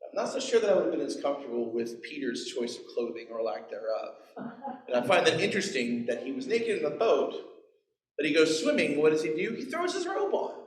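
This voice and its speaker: A man's voice: on the high side, sing-song, fairly quick, echoey room, low-quality recording. A man in his forties preaching a sermon, telling the story with playful asides and acted-out quotes. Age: 40s. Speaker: pastor. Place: church.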